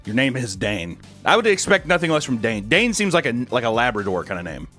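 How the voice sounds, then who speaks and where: A man's voice: medium pitch, very animated, a little fast, pushed and bright, faint music behind. A young man streaming, reading out fan messages in a crude, joking, sarcastic casual chat.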